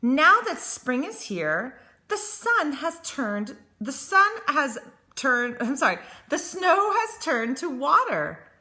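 A woman voicing a small, gentle mouse in a storybook read-aloud. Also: high-pitched, very animated, slow pace, pitched above the performer's own voice, heavily acted. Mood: sweet.

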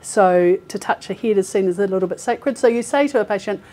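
A woman's voice: medium pitch, brisk, dark tone. A woman in her forties, a recruiter giving a chatty, informal talk to an audience, laughing often and using lots of fillers. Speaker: healthcare recruiter presenting. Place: meeting room with a live audience.

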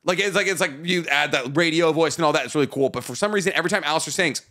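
A man's voice: on the high side, racing, sharp tone. A young man co-hosting a casual podcast, rambling with lots of fillers and free swearing. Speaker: podcast co-host.

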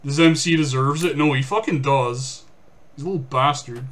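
A man streaming a horror game, cursing and yelling at the game in exasperation. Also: mid-range voice, normal speed. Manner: swearing, exasperated outbursts at the game. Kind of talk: casual gameplay commentary.

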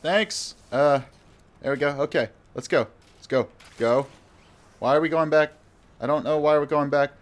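A man's voice: fairly high pitch, fairly even intonation, moderate pace, long pauses. A man giving live gameplay commentary in a rambling, flustered, self-mocking way. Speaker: gamer.

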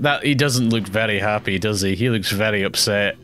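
A young man giving rambling, casual commentary while playing a video game, often jumpy and quick to laugh. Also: lowish voice, fairly bright tone. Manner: rambling, jumpy, breaks into panicked yelps and laughs. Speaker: let's play gamer.

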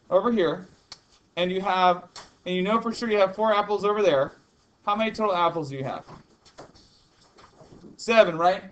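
A high school chemistry teacher lectures his class in a chatty, teasing way, repeating the key points. His voice sits high, and the sound is lo-fi.

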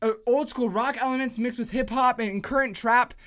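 A woman reacting to a song in a vlog, shouting, swearing and near tears with excitement. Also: fairly high pitch, moderate pace. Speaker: reaction vlogger. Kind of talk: music reaction video.

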